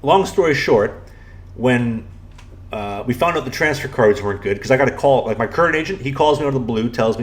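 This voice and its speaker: A man's voice: medium pitch, lively intonation, brisk. A young man, a podcast co-host and pro hockey goalie, telling rambling stories in casual chat, full of "you know" and restarts.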